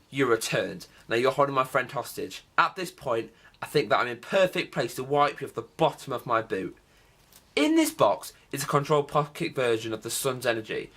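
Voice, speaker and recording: A man's voice: mid-range voice, sharp tone, full character voice. A man voicing a stern male time-traveling hero in an amateur recording, with a firm, threatening delivery. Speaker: voice actor. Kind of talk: amateur voice acting.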